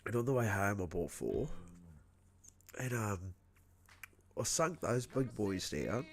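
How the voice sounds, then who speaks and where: A man's voice: fairly low pitch, sing-song, slow, long pauses. A man hosting a casual livestream chat, swearing freely and calling everyone mate, still coughing after being ill. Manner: laid-back, swears a lot, matey. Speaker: livestream host.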